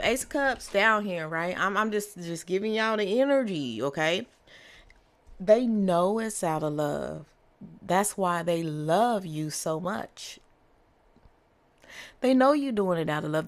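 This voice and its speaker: A woman giving a casual tarot reading, chatty and repetitive, often checking in with "okay?". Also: deep voice. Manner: repetitive, conversational, many fillers and "okay?". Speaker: tarot reader.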